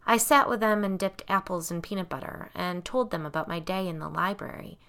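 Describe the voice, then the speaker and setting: A woman narrates a first-person audiobook in a measured, intimate way. Her voice sits a bit low yet comes across bright and forceful.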